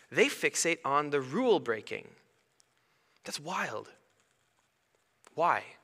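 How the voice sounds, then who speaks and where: A man delivers a sermon with a bright, forceful voice that carries a long reverb, as if heard in a church sanctuary. He preaches conversationally and slips into lively, animated asides between passages. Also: a little high. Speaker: pastor.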